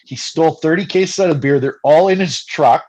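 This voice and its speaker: A middle-aged man, a former pro hockey player, casually telling animated, profane stories and often restarting his sentences. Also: a little high, brisk, poor audio. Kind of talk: casual storytelling.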